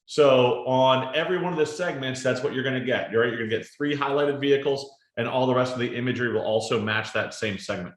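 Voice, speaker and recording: A man presenting a casual screen-share product demo, explaining in a relaxed way with lots of fillers and tag questions. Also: mid-range voice, a little fast, hardly any pauses. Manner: relaxed, filler-heavy explaining with frequent "right?". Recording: roomy echo.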